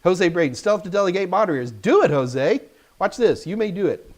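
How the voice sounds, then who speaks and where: A man's voice: high-pitched, sing-song, brisk. A man hosting a live stream, answering viewers' tech questions in a casual, joking way and talking straight to the chat.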